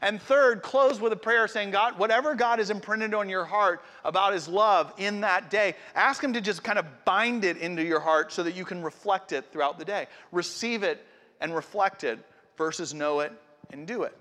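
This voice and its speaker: Man, pastor, sermon, conversational, earnest, fairly high voice, long hall reverb. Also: moderate pace, pushed and bright. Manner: conversational, earnest, addresses congregation directly.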